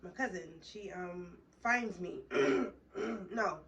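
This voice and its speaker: A woman's voice: fairly low pitch, slow, a bit bright. A young woman vlogger tells a heated, rambling, profane story in a casual way. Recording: distant mic with faint background noise.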